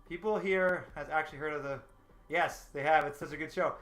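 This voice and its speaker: A man hosts a relaxed livestream, talking himself through his work and answering viewers with easy self-mockery. His voice is bright and tense. It sounds roomy, with faint music under it. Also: on the high side, fairly quick. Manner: thinking aloud, chatting with viewers, self-deprecating. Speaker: livestream host. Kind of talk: casual livestream chat while storyboarding. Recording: roomy echo. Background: faint game music playing.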